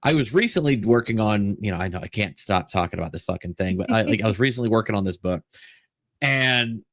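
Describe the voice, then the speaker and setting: A man's voice: fairly low pitch, animated, quick pace, a bit bright, no room sound, studio quality. A man chatting on a live stream, rambling with lots of restarts and casual swearing. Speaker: regular stream co-host.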